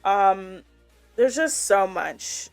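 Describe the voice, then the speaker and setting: A woman's voice: medium pitch, lively intonation, drawn-out words, vocal fry, clean tone, no room sound, soft background music. A woman co-hosting a sports and pop culture podcast, wrapping up the episode in an effusive, bubbly way. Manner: bubbly, effusive, pleading with listeners. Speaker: podcast co-host. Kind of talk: casual chat, sign-off.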